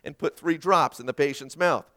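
Guy doing a low deadpan old doctor, crafty, dry punchlines. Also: normal speed, lightly acted.

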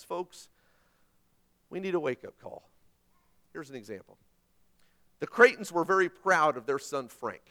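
A man preaching a sermon, telling a story dramatically and swinging between loud and hushed. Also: high voice.

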